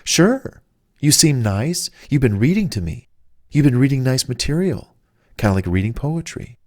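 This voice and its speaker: A man's voice: mid-range voice, sing-song, moderate pace, a little mellow, pitched above the performer's own voice. A man voicing an impressed, friendly young woman who gushes eagerly.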